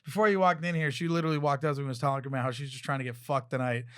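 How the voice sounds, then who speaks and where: Bright-voiced man telling raunchy stories. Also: mid-range voice, rapid-fire, clear, resonant tone. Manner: animated, profane anecdotes with laughing asides. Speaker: guest comedian. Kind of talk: casual chat, storytelling.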